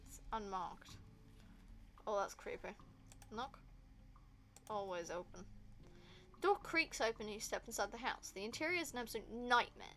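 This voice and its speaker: A woman's voice: fairly high pitch, expressive, moderate pace, long pauses, fairly bright tone, slight background noise. A woman streamer playfully reading a text adventure aloud and reacting to it.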